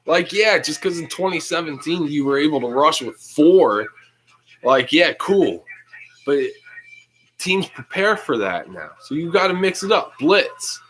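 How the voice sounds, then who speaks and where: A young man hosting a livestream, casually reacting to a live football game, reading chat aloud and yelling at big plays. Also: fairly high pitch, very animated, measured pace, poor audio. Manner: casual, slangy. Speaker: livestream host.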